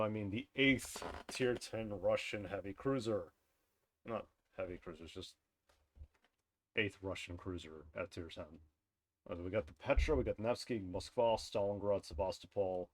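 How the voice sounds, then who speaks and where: A man's voice: mid-range voice, dry recording. A man casually reviewing a game's dev blog, rambling and offhand, often correcting himself mid-sentence and chuckling at his own jokes. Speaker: game content creator reviewing a dev blog. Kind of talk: casual commentary over screen content.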